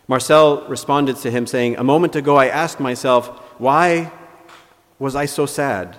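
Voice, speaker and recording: Priest preaching in a reverberant church. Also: male voice, medium pitch. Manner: reads quoted dialogues aloud with lifted, animated emphasis. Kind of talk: homily.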